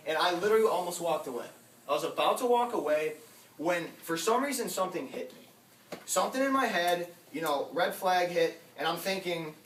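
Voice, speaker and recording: A young man in college delivers an energetic pitch to a group gathered in a house, his voice sitting a little high for a man. He is heard from a distance in an echoey room, with a faint hiss behind him. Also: moderate pace. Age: young adult. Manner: energetic, addresses crowd directly, acts out quoted dialogue. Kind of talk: sales pitch to a small audience.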